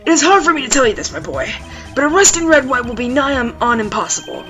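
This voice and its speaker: A woman's voice: high-pitched, sing-song, quick pace, fairly bright tone, soft background music. A woman doing a fretful old Southern lawyer. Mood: troubled. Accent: Southern US, put on. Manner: fussy, old-fashioned courtly speech. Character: older male lawyer, fretful and fatherly.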